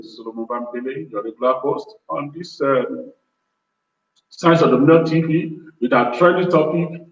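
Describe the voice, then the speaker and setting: A man's voice: fairly high pitch, a bit bright. A man hosting a business show, giving a motivational talk in a repetitive, pleading way. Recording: distant, roomy, dull sound.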